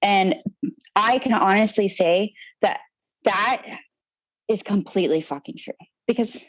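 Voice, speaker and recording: A woman's voice: mid-range voice, unhurried, slightly rough, no echo, low-quality recording. A young woman who served in the Navy, telling her own story on a podcast in a blunt, profanity-heavy way, rambling with restarts. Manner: rambling with restarts and trailing fillers. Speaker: podcast guest, Navy sailor. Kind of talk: candid personal storytelling.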